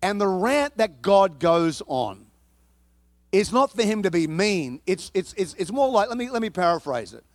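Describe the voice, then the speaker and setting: A man with a notably high voice delivers a sermon in a lively, conversational manner, tossing in playful asides. The sound is close and dry, with no room echo. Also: normal speed. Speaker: preacher.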